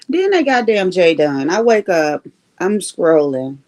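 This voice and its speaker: A woman hosting a livestream, telling stories in an animated way, laughing often and swearing freely. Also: on the low side, unhurried. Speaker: livestream host. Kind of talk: casual storytelling chat.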